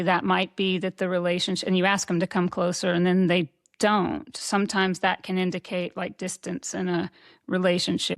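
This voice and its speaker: A woman's voice: fairly low pitch, dry recording, clean studio sound. A woman hosting an interview podcast, speaking in a reflective, affirming way. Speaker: podcast host. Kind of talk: conversational interview.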